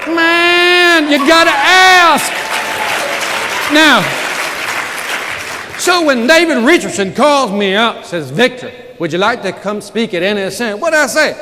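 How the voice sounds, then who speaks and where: A man giving a live motivational sales keynote, telling stories with sudden loud outbursts. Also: very high-pitched, expressive, takes it slowly, long pauses, crowd noise. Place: large conference hall with audience. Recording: reverberant hall, audience noise.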